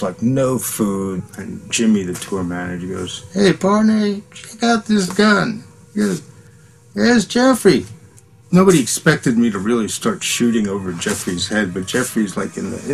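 A middle-aged man in a documentary interview, telling rowdy band stories in an animated, profane way and acting out what people said. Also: lowish voice, creaky. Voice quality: profane, animated storyteller who acts out quotes with laughs. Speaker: former bandmate interviewed for a documentary. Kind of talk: casual storytelling interview.

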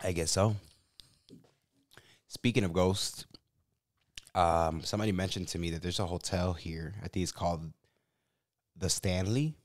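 Man, very deep voice, relaxed rambling podcast host, dry close sound. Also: unhurried, long pauses, dry recording. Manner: laid-back, rambling with many fillers. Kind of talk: casual chat.

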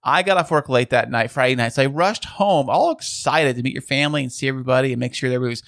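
Man in his thirties, podcast co-host, fast and playful, dry studio mic. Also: mid-range voice, gravelly, fairly bright tone, no echo. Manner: fast, playful, laughs often. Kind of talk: casual chat.

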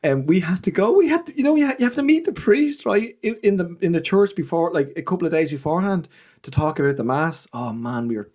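Irish male comedian, guest in a chat, lively, foul-mouthed storyteller, slightly high voice. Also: fast talker. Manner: animated, swearing, comic storyteller.

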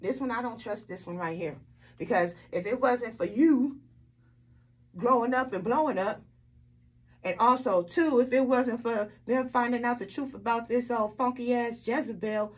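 A woman with a slightly high, somewhat rough voice does a tarot reading for her viewers. She's blunt and emphatic, swearing a lot and asking rhetorical questions again and again.

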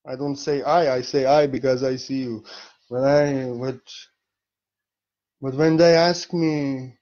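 Man, foreign accent, warm mellow voice, silly and theatrical, dull lo-fi recording. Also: medium pitch, fairly even intonation, takes it slowly, long pauses. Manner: repeats words emphatically. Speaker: spiritual teacher. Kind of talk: motivational monologue.

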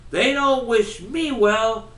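Brief: sullen teen boy, flat and dismissive, read by a man, high lively voice, roomy and distant. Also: slow pace, full character voice. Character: sullen, cold teenage boy baseball player. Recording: roomy, from far off.

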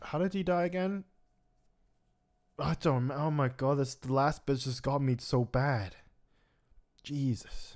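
A young man talks over a game he has just finished, tearful and sighing between lines. His voice sits at an ordinary middle pitch, and he reads the results aloud in a halting, emotional way. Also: fairly even intonation, a little mellow. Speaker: gaming commentator. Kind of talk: let's play commentary.

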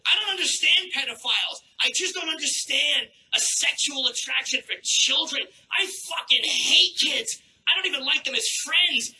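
A man doing a crude, sardonic stand-up set on a stage with a handheld mic, clearing a troubled throat now and then. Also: very high voice, normal speed, few pauses, pushed and bright, poor audio. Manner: crude, brash and sardonic, with acted-out asides. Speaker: stand-up comedian. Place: comedy club stage.

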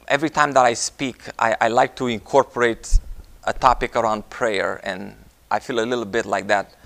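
A man preaching a sermon, telling jokes and stories in an animated way. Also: gravelly. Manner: storytelling with jokes, animated rises in pitch.

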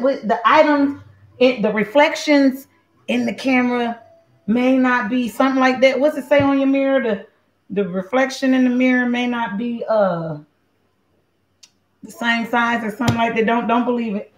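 Speaking at a moderate pace in a slightly high voice, a woman runs a live cooking show and keeps up playful, casual chatter aimed straight at her audience. The recording has a dull lo-fi quality with an echoey room.

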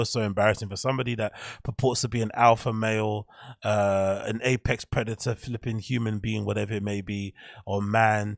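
A man's voice: lowish voice, vocal fry, no room sound, studio quality. A man hosting a podcast, giving rambling, blunt commentary while clicking through pictures. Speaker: podcast host. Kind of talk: casual commentary on a screen grid.

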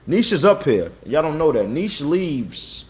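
Hosting his own live stream, this thirtysomething battle rapper has a voice pitched a little high. His casual chatter is blunt and full of swearing, looping back on itself as he greets viewers by name and mentions being tired.

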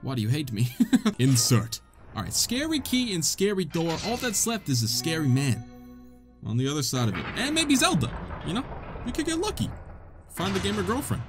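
A man giving excitable, self-mocking let's play commentary, laughing often at his own mistakes, with game music in the background. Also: on the high side, a little fast. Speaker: gamer, channel host.

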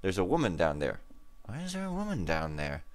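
A man's voice: low-pitched, huge pitch swings, fairly quick, a little hiss or hum. A man giving rambling, jokey, panicky commentary while playing a video game. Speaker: let's play commentator. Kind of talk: excitable gameplay commentary. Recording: loud game music behind.

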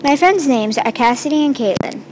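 A woman with a fairly high voice reads her own first-person fantasy tale aloud. She stumbles and starts lines over now and then. A faint hiss runs underneath. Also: animated. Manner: halting, with restarts and stumbles; first-person storytelling with quoted lines read in the same voice. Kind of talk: amateur reading of her own fantasy story.

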